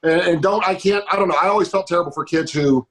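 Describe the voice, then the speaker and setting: Fast-talking, rambling man. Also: sits high, a bit bright. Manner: rambling, lots of "like". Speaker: guest. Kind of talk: casual podcast chat.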